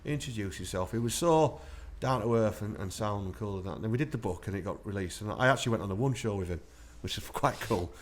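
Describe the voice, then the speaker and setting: Fairly low-pitched and quick, with few pauses, a male army veteran shares stories as an interview guest. The talk is casual and chatty, and he laughs through his tales.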